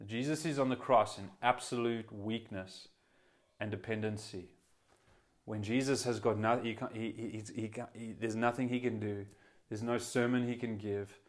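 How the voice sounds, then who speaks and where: A man preaching a sermon in an earnest way, lifting his voice for quoted prayers and dropping soft at quiet moments. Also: fairly low pitch, steady tone, moderate pace.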